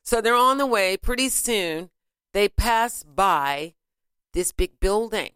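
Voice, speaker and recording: A woman with a smooth, clear voice tells a story in an easy, conversational way, taking her time over each phrase. Her telling is lively, and she now and then slips into a few sung lines. The sound is close and dry. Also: medium pitch, takes it slowly, dry recording. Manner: animated retelling, breaking into sung snippets. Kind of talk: casual storytelling.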